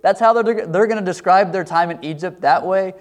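Male pastor, sermon delivery, earnest and emphatic, a touch high-pitched. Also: a little fast. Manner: earnest, rising to emphatic questions.

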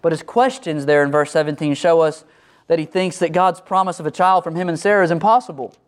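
A middle-aged man delivers a sermon as pastor. He preaches with animation and acts out the voices of biblical figures and church members. His voice sits a touch above the usual male pitch. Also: fairly even intonation, a little fast.

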